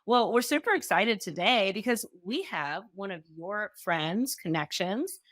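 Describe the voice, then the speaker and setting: A woman's voice: medium pitch, expressive, measured pace, a bit bright, no room sound, studio quality. A woman co-hosting a podcast, opening the episode in an upbeat, casual way. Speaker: podcast co-host.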